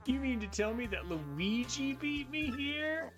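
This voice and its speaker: A man's voice: sits high, very animated, measured pace. Bowser, a blustering turtle king, as a man puts him on. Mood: furious. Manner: loud, boastful, easily enraged. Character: blustering giant male turtle king villain. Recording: game music playing behind.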